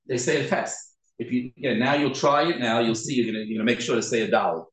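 A man teaching a Torah class, earnest and insistent, doubling back on his words to press a point about pronunciation. His voice sits at an ordinary pitch and rings around a reverberant room. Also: fast talker, hardly any pauses. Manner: earnest, repeats and restarts words, stresses pronunciation.

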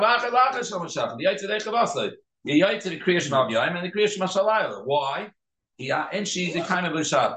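A man's voice: mid-range voice, fairly bright tone. A man giving a Talmud class, explaining texts and mixing in Hebrew terms. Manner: explanatory, switching between English and Hebrew terms. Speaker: Torah teacher. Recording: echoey room.

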